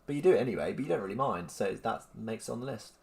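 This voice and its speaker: A man's voice: fairly low pitch, lively intonation, very fast, creaky, darkish tone. A man hosting a livestream, chatting casually with lots of ums and reading out viewer comments. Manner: rambling, lots of ums, mock-incredulous asides. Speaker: livestream host.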